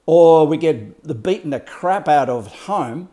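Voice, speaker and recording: A man's voice: on the high side, expressive, unhurried, mellow. A man talking as a life coach, explaining ideas in a blunt, colourful way with swearing and mimicked sounds. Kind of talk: casual explanatory talk.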